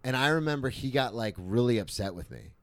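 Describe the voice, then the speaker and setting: A man's voice: mid-range voice, lively intonation, a little fast, no echo. Casual young man telling a story. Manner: storytelling, swearing, acting out quotes loudly. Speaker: podcast co-host. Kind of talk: casual chat.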